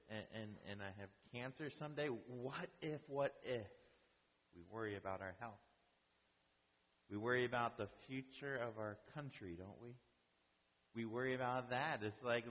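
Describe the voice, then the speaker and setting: A male pastor delivers a sermon at an even, middle pitch. He often restarts his words and asks his listeners "right?". His voice carries the long echo of a church hall.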